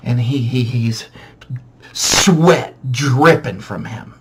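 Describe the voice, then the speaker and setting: A man casually telling a funny true story from his childhood, animated and self-mocking, with frequent restarts. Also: medium pitch, very slow, background noise.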